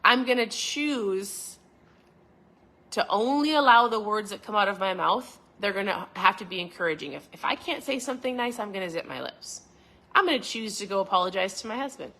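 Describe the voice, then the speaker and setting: Brisk and mid-range in voice, a middle-aged podcast host delivers motivational talk in a casual way to her viewers. She's animated, playing out dialogue from her own past conversations.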